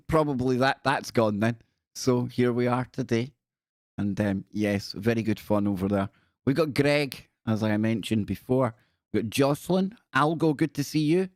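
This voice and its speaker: A man's voice: medium pitch, a little mellow, no room sound, studio quality. A man hosting a live stream in a casual, chatty way, greeting viewers by name and making joking asides. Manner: jokey, self-deprecating asides.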